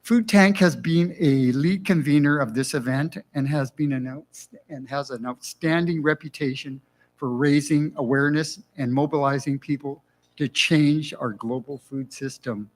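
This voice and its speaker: A university dean giving formal welcome remarks on a conference stage, speaking through a sore mouth after dental surgery, warm with light humor. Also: male voice, on the high side, normal speed, rough recording.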